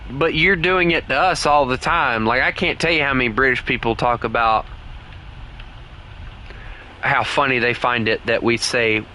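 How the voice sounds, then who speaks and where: A man's voice: medium pitch, fairly even intonation, moderate pace, pauses often, bright, forceful tone, slight background noise. A man with a Southern US accent giving rambling, casual commentary while playing a game. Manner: rambling, full of "like" and restarts. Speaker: gaming streamer.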